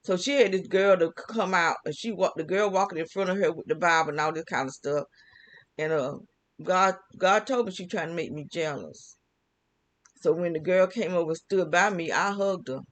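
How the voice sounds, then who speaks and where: A woman's voice: fairly low pitch, normal speed. A woman vlogger telling a personal church story in a rambling, casual way, often laughing and restarting her sentences. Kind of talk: casual spoken testimony.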